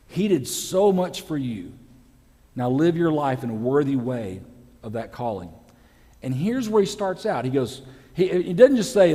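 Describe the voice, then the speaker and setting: A man, a pastor, preaching a lively sermon in a church sanctuary and acting out the voices of people he quotes. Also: fairly high pitch. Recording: long hall reverb.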